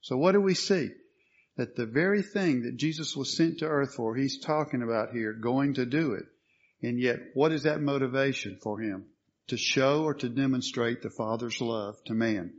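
A man's voice: mid-range voice, normal speed, dull audio. A man preaching a sermon, asking questions and answering them, with emphatic statements.

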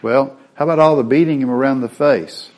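A man's voice: mid-range voice, a little fast, a little mellow. A man teaching a Bible lesson in a sermon style, explaining word meanings step by step.

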